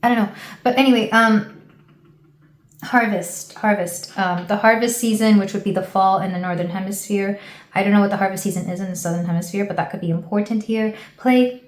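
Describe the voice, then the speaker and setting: A woman from the United States giving a casual tarot reading, rambling and thinking aloud with soft fillers. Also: mid-range voice, fairly even intonation, a little fast, reverberant. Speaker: tarot reader.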